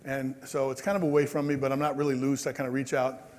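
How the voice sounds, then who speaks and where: A man in his sixties giving a conference speech, telling stories in a lively way and acting out the people in them. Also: mid-range voice, fast. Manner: animated, acts out quoted people. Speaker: keynote speaker. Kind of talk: storytelling speech. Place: large convention hall. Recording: long hall reverb.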